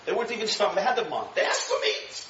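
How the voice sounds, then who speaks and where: Man, rabbi, high bright voice, lively Torah lecture, echoey room. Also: very fast, slight background noise. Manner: animated, acts out quotes, chuckles at own jokes. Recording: echoey room, distant mic, dull sound.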